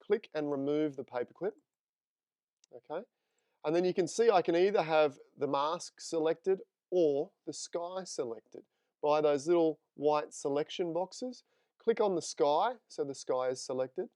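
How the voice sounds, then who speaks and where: A friendly male photography instructor leads a live screen-share lesson, talking steps through and replying to viewers. His voice sits a little high and comes across smooth and crisp. The sound is dry and close, with no room echo. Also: a little slow, a little mellow.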